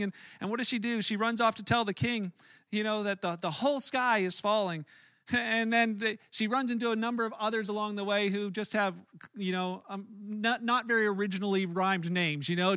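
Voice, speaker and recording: A pastor gives a sermon in an earnest, conversational way, often stumbling and restarting mid-thought. His voice sits high for a man and sounds bright. The recording is dry, with little room sound. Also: steady tone, normal speed, smooth, no echo.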